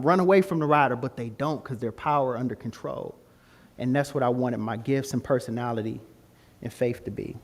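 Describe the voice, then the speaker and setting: A man giving a testimony talk to a student group, telling his story in a casual way and acting out the voices in it. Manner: animated storytelling, acts out voices with high pitch jumps; casual, informal grammar. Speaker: guest speaker.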